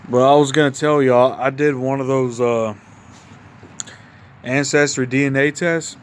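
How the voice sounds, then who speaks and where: A man's voice: medium pitch, fairly even intonation, unhurried, clear, resonant tone. A man from Mississippi with a Southern accent, chatting casually into his phone camera in his backyard at night, a little tipsy after a couple of beers. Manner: laid-back, rambling, addresses viewers as y'all. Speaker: vlogger. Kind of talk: casual outdoor chat to camera.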